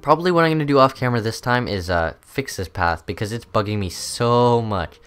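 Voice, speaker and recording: A man's voice: medium pitch, expressive, fairly quick, fairly bright tone, clean tone. A young man hosting a gaming video, chatting loosely through his gameplay with lots of ums and uhs. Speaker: gaming channel host. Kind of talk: casual gameplay commentary.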